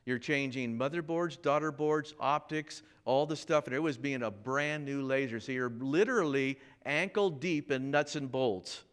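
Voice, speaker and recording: In a church, a pastor preaches a sermon built around a personal story, animatedly acting out the voices of the people in it. His medium-pitched voice moves at a moderate pace with few pauses and a clean tone.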